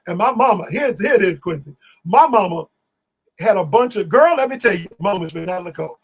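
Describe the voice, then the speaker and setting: A man telling animated stories on a live stream, acting out the people he quotes. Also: high-pitched, fairly quick, husky, lo-fi sound. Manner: lively, talks over himself, acts out quotes.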